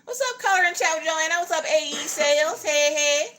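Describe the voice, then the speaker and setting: A woman's voice: high voice, animated, fairly quick, a bit bright. A woman hosting a casual craft livestream, playfully greeting chat viewers by name and joking with them as she unboxes.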